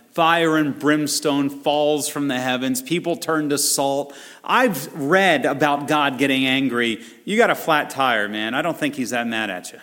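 A man preaching a sermon, animated and conversational, acting out voices and asides as he teaches. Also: mid-range voice, in a large hall. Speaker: pastor.

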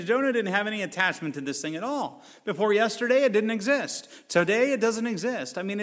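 A middle-aged male pastor giving a conversational sermon, slipping into lively, mocking voices when he quotes people. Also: sits high. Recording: long hall reverb.

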